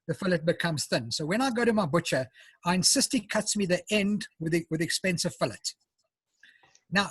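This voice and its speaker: A high-pitched man with a South African accent walks viewers through his cooking on a video call, chatty and unhurried, taking bites as he explains each step. His voice has a husky edge and sounds close and dry, with no echo.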